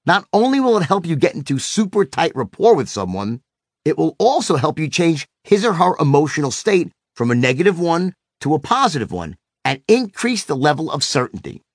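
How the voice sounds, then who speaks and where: Brash middle-aged guy teaching sales, voice jumps all over, slightly high, dry close sound. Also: very animated, brisk, no room sound. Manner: brash, swears freely, acts out quotes with big pitch swings. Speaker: sales trainer. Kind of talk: animated teaching monologue with acted anecdotes.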